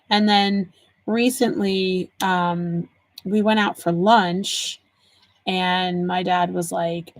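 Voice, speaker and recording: A woman's voice: fairly low pitch, steady tone, takes it slowly, vocal fry, no echo. A woman in her forties hosting a live stream, chatting casually with viewers and telling stories while she works on a craft project. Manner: chatty storyteller, answers viewers' comments. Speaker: livestream host.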